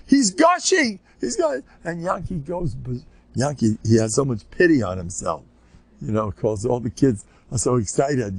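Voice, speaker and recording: Older rabbi guy telling stories, husky gravelly voice, dry mic, tosses in yiddish words. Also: darkish tone, no echo. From United States. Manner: rambling anecdotal storytelling with Yiddish and Hebrew words; acts out children's voices in high squeaks. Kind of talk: informal Torah lecture.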